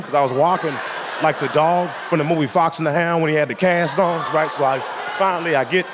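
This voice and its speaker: Performing stand-up before a crowd at a comedy venue, the young man races through lively anecdotes and acts out each character's voice. His voice sits on the high side, and the background is noisy.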